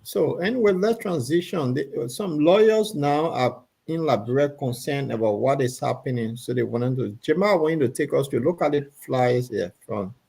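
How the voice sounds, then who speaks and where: Gravelly male talk show host. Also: medium pitch, normal speed, hardly any pauses, darkish tone.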